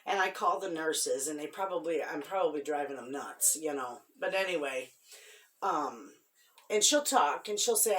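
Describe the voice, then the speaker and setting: A middle-aged woman, chatting to her viewers in a halting, somber way with many restarts. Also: sits low, animated, fairly bright tone, distant mic. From Michigan. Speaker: homestead vlogger. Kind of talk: casual chat to viewers.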